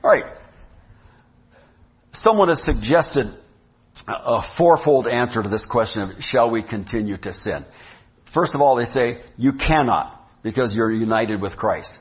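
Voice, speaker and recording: A man's voice: mid-range voice, lively intonation, measured pace, pauses often. A man preaching a sermon to his church in a conversational way, often asking the congregation questions. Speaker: pastor. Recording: dull lo-fi sound.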